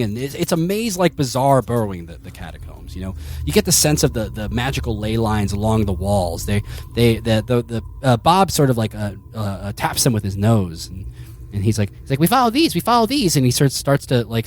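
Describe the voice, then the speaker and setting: A man's voice: medium pitch, darkish tone, a little hiss or hum. A man narrating as game master of a tabletop game, rambling with lots of fillers. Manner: rambling, full of fillers and restarts.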